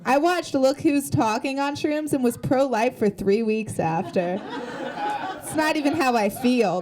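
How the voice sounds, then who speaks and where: A woman's voice: a little high, a little mellow. A woman hosting a comedy show, telling offhand jokes and bringing up the next comedian. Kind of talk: introducing comedians. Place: comedy club stage. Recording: noisy crowd in a comedy club.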